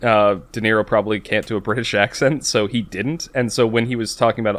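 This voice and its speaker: A man's voice: lowish voice, steady tone, fast talker, few pauses, fairly bright tone. A man co-hosting a podcast in casual chat, talkative, repeating words as he starts a thought. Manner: talkative, repeats words when starting, quotes lines in a put-on voice. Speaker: podcast co-host.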